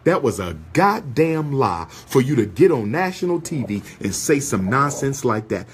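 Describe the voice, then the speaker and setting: A man's voice: mid-range voice, sing-song, moderate pace, breathy edge. A man giving an impassioned, preacher-like rant to an audience, full of repeated rhetorical questions. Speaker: speaker addressing an audience. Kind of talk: impassioned ranting speech.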